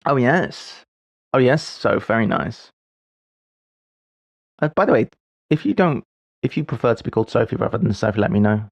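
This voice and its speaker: On a live puzzle stream, a man in his forties thinks out loud, leaving thoughts unfinished and laughing at his own mistakes. His mid-range voice is gravelly and animated, moving at a moderate pace with frequent pauses. The audio is dull but free of echo.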